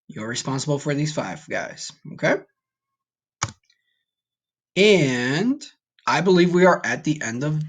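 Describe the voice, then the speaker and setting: Male teacher, recorded online lesson, patient, encouraging, checks in often. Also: a little high. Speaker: Spanish teacher.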